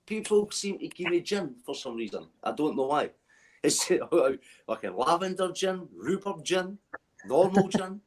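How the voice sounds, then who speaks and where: A man's voice: a little high, very animated, a little slow. Scottish man, rambling and noisy. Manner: swearing, laughing, rambling. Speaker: chat guest. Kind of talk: casual chat.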